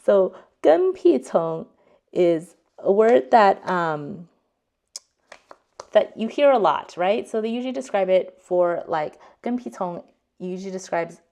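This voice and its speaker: A woman's voice: mid-range voice, lively intonation, takes it slowly, warm tone. A woman hosting a casual language lesson, chatty and explaining word by word with lots of fillers. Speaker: host.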